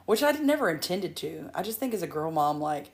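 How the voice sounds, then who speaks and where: A woman's voice: lowish voice, sing-song, fairly quick. A young woman co-hosting a casual chat about motherhood, joking and acting out quotes in funny voices. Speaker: podcast co-host.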